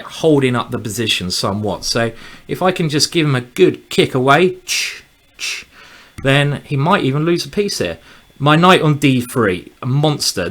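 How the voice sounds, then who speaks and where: A man's voice: mid-range voice, a bit bright. Male chess streamer, chatty, rambling, mid-range voice, erupts into cheers at good moves. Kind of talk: live chess commentary while playing.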